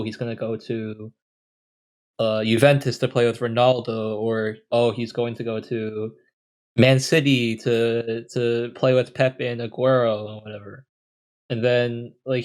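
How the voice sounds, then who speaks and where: Young male podcast co-host, mid pitch, long-winded casual explainer. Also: darkish tone. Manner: rambling, explains at length with many fillers. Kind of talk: casual chat.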